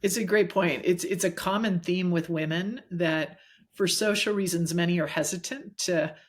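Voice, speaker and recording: Middle aged woman telling stories in an interview, kinda low voice, earnest. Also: moderate pace. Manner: earnest storytelling with anecdotes. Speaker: guest, executive coach. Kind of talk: casual interview chat.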